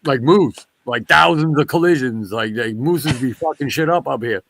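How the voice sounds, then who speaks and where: A man spins a long, rambling story in casual conversation, swearing a lot and telling it with animation. He often breaks off, backtracks and restarts his sentences. His gravelly voice sits at a medium pitch and normal speed, with no echo.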